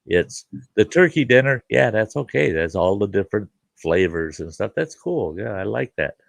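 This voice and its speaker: A show host tells folksy stories in a casual chat, laughing and acting out quoted voices. His voice is fairly low and animated, at normal speed, with vocal fry. The recording has no echo.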